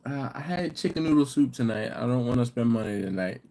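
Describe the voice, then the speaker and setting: A man's voice: mid-range voice, lively intonation, fairly quick, mellow. American man rambling through a live-stream story. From United States. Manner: rambling storyteller, reads out viewer comments. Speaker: host of a live barbecue channel. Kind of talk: casual live-stream chat.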